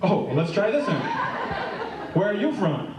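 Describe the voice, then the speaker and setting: A middle-aged comedian banters with his audience during a live stand-up set, his high-pitched voice very animated but moving at a moderate pace. The echoey room makes him sound far away.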